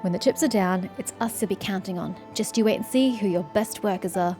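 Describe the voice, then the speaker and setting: A woman's voice: mid-range voice, fairly quick, warm tone, soft background music, natural voice. A woman voicing a proud, hardworking male dock laborer in a game, boastful about his crew.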